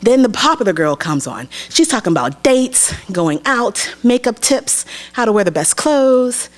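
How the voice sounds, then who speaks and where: This young Pennsylvania woman has a fairly high voice and takes her time as she recounts a personal story before a live theater audience. Her telling is lively, and she performs the other characters' voices herself.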